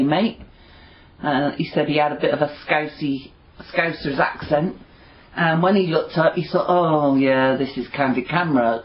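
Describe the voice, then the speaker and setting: Earnest man giving a devotional talk. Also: a little high. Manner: earnest, rambling, many "you know" fillers. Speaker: fellowship member sharing encouragement. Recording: dull lo-fi recording.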